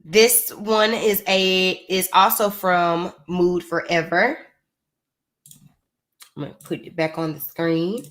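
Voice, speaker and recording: A woman's voice: fairly low pitch, slow, a bit bright. Chatty woman hosting a live stream. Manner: chatty and playful, calls viewers "y'all". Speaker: YouTuber hosting her own live stream. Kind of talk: casual chat to viewers.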